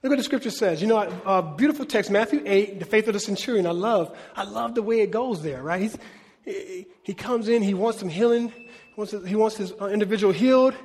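A man with a very high-pitched voice preaches a sermon to a congregation, keeping it conversational and throwing questions back at the room. His voice carries a long reverb from the large church hall. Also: fairly quick. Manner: lively conversational preaching, asks the crowd questions. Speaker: pastor.

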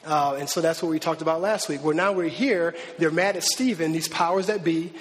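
High-voiced preacher in a reverberant hall. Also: male voice, brisk. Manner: animated, informal, many fillers and restarts. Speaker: pastor. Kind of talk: conversational sermon.

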